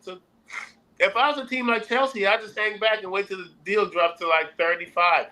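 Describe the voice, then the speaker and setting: A man's voice: sits high, steady tone, fairly quick, bright, forceful tone, rough recording. An American man co-hosting a casual sports podcast, talking animatedly and acting out quotes in put-on voices. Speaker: podcast co-host.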